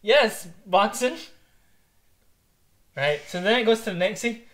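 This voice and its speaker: A man's voice: sits high, quick pace. Man telling stories. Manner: animated storytelling, swearing, laughing often. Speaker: podcast co-host. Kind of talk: casual chat.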